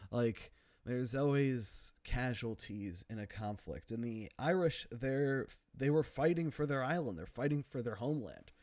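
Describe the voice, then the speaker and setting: Brief: casual sardonic male commentator, middling pitch, very dry close sound. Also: lively intonation, measured pace, a little mellow, no room sound. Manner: casual, sardonic, many fillers. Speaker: video commentator.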